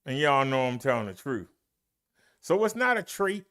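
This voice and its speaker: A man's voice: medium pitch, sing-song, fairly bright tone. A man leading a Bible study as a minister, preaching in an emphatic, folksy way and talking straight to his listeners. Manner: slow, emphatic delivery with long pauses and swooping emphasis.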